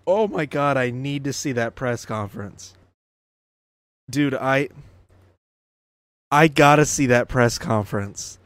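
A man hosting a podcast, reacting to news clips in an excitable, profane, casual way. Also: mid-range voice, takes it slowly, pauses often, clear, resonant tone, dry recording. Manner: excitable, profane, laughs a lot. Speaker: podcast host.

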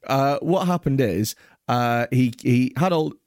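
A man's voice: medium pitch, expressive, unhurried, a little mellow, dry recording. A man co-hosting a comedy podcast, chatting casually, swearing and laughing often. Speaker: podcast co-host.

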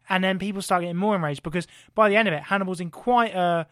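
Excitable, sweary podcast storyteller. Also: male voice, high-pitched, fast, no echo, clean studio sound. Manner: excitable, heavy swearing, rhetorical questions. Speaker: podcast co-host. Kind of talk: animated comic history storytelling.

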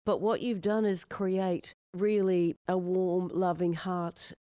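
Interview host, mellow tone, close dry sound, measured and articulate. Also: mid-range voice, little pitch movement, smooth, no room sound. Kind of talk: interview questions.

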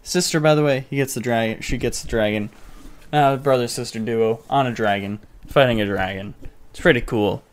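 Man, podcast host, casual chat, rambling recap, mid-range voice. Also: mid-range voice. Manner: rambling movie recap with quick voice impressions.

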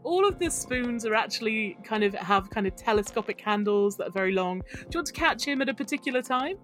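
A woman running a tabletop game as game master, with a bright, fairly high voice. She talks in a playful, animated way, and her pitch moves a lot. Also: fast, faint music behind.

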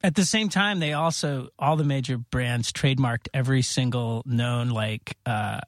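A man jumping into a casual chat, talking quickly and with emphasis. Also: medium pitch, no room sound, studio quality.

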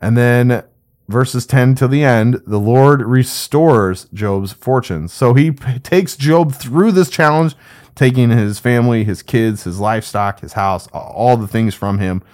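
A man's voice: medium pitch, a little slow, a little mellow. A man leading an informal Bible study, talking loosely and conversationally as he walks through the text verse by verse.

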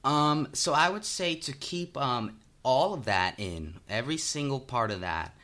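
A man's voice: mid-range voice, animated, a little slow, bright, forceful tone. A man guesting on a comedy podcast as an improviser, earnest and hesitant, with frequent fillers. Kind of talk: casual comedy podcast chat.

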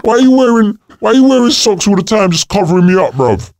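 A man voicing his own grumbling, overworked legs, low and slangy. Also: sing-song, fast, darkish tone, dry recording, studio quality. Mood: indignant. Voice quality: low gruff mutter, slangy. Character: grumpy overworked male legs, fed up.

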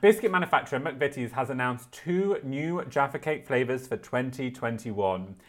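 A man's voice: mid-range voice, animated, moderate pace. A young man co-hosting a podcast, reading news stories aloud in a casual chat with playful, wry asides. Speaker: podcast co-host.

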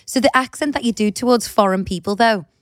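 A woman's voice: a little high, fairly quick, no echo, clean studio sound. A woman co-hosting a casual podcast chat, chatty and teasing, laughing often. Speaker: podcast co-host.

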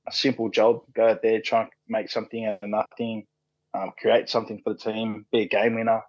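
With a lowish, slightly mellow voice, this Australian man in his thirties, a rugby league player, tells stories as a relaxed podcast guest. He uses lots of fillers and swears freely, captured on a dull, dry recording.

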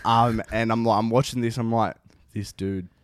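A young man, co-hosting a casual podcast chat, animated and swearing often. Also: fairly low pitch, normal speed, clear, resonant tone, no echo, studio quality. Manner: animated, swears a lot, many fillers. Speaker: podcast co-host.

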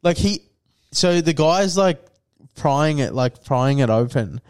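A man's voice: on the high side, lively intonation, slow pace, darkish tone, clear, resonant tone. Rambling, swearing male podcast co-host. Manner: rambling storytelling, swears a lot. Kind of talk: casual crude chat.

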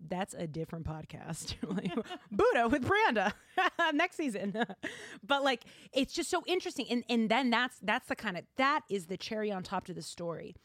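A woman's voice: a little high, very animated, normal speed, fairly bright tone, no room sound, studio quality. A young woman hosting a podcast, chatty and giggly, filling her talk with "like". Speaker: podcast host. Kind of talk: casual chat.

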